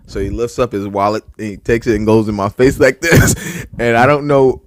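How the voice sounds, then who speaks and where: A young man, co-hosting a podcast and telling stories in a casual, animated way, swearing and getting loud. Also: fairly low pitch, brisk, no room sound. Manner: animated, swearing, loud when reliving anger. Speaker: podcast co-host. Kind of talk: casual storytelling chat.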